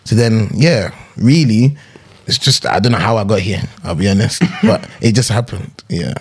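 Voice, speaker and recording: A young man from England with a British accent and a lowish voice. He chats as a podcast guest in a laid-back, slangy way and laughs often. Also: moderate pace, a little mellow, husky. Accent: British English. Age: young adult. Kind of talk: casual chat.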